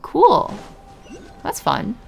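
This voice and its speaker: A woman's voice: very slow, darkish tone, soft background music. A woman streamer chatting casually while playing a game and answering her chat. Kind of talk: casual gameplay commentary.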